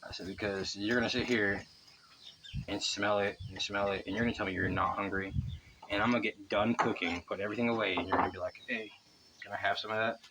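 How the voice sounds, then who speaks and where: A young man tells a rambling, profane story straight to his phone camera, chatty and loose. His voice sits a bit low. Clear outdoor noise and birds run under the recording. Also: fairly even intonation, quick pace. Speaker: vlogger. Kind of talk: casual storytelling vlog. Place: outdoors by the water.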